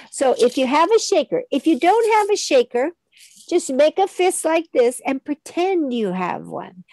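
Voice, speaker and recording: A woman teaching a children's music lesson online, leading call-and-response singing in an animated, coaxing way. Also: high voice, vocal fry, dry recording.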